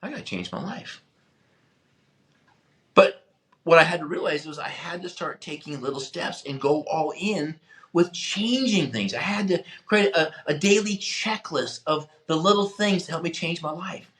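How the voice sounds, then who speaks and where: Male motivational host, coaching style, a bit high-pitched, punchy and forceful. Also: normal speed. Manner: emphatic, animated coaching, acts out quotes. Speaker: podcast host. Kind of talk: motivational talk.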